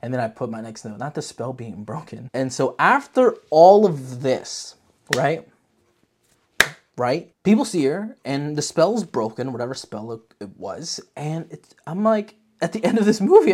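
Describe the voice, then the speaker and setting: A vlog host giving a casual movie review, talking in an animated, profane way full of filler words. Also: mid-range voice, a little slow, slight background noise.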